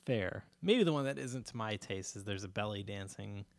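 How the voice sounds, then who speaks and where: Low-voiced man telling a rambling story. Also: expressive, moderate pace, vocal fry, no room sound. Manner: rambling, many fillers and restarts, laughs often. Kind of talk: casual conversational storytelling.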